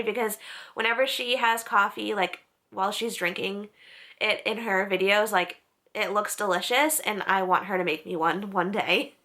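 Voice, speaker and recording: Her voice sits at medium pitch, pushed and bright, as this young book vlogger casually recommends book channels. She keeps things chatty and cheerful but isn't sure of some names' pronunciations.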